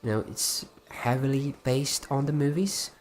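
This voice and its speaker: A man's voice: medium pitch, a little slow. Chatty man rambling on a livestream. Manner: rambling, chatty, frequent restarts. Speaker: livestream host. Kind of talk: casual livestream chat.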